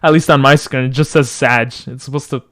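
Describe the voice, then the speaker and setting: A young man streaming from home on a close boom mic, rambling and joking as he answers chat. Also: fairly even intonation, fairly quick, fairly bright tone, no echo. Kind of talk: casual live-stream chat. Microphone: boom mic close to the mouth.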